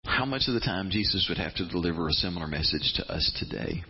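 A man's voice: sits low, lively intonation, quick pace, gravelly, breathy edge, highs cut off. A man preaching a sermon as a pastor, quoting scripture dramatically and building intensity as he talks.

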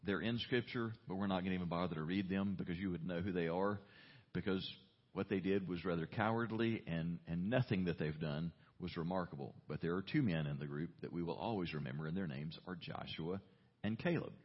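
A man delivers a sermon, telling a Bible story in a lively, animated way and reading passages aloud. His voice sits low and sounds husky. The recording is dull and lo-fi. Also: a little fast. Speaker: pastor.

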